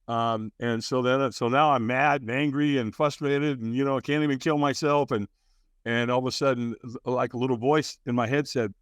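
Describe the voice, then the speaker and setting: A man's voice: mid-range voice, animated, a little fast, smooth, no room sound, studio quality. Candid man in his sixties telling his story. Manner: frank, earnest, full of fillers and restarts, acts out quotes. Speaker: podcast guest. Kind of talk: candid personal storytelling in an interview.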